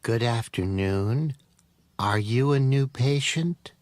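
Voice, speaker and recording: An actor playing a polite old gardener who gives directions slowly and softly. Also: male voice, medium pitch, a little hiss or hum, lightly acted. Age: older.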